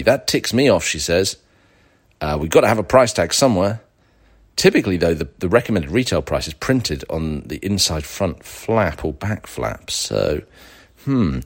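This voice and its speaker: A man with a very low voice hosts a casual solo podcast. He rambles through digressions with a dry, sarcastic edge, full of fillers and restarts. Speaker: podcast host.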